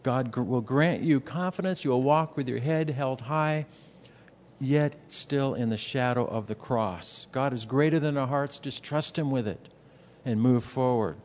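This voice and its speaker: A man's voice: medium pitch, a little slow, a little mellow, long reverb tail, a little hiss or hum. A man preaching a sermon as a pastor, earnest and emphatic, asking rhetorical questions and repeating words for stress.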